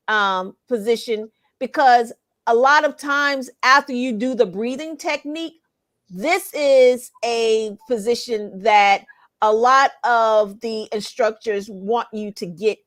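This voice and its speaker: A woman with a Southern US accent explaining a topic in a halting way, with many fillers and restarts. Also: fairly high pitch, fairly bright tone. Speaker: guest presenter. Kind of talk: casual explanatory talk.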